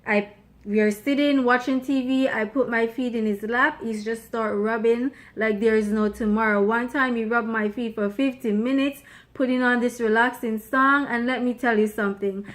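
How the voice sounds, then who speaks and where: Talking casually with her husband about their marriage, a woman co-host who describes herself as a loud mouth speaks freely and laughs a lot. Her voice sits on the high side, with a steady tone at normal speed.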